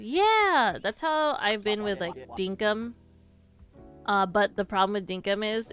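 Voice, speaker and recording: A young woman chatting to her stream viewers while gaming, telling a story with lots of fillers and restarts. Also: mid-range voice.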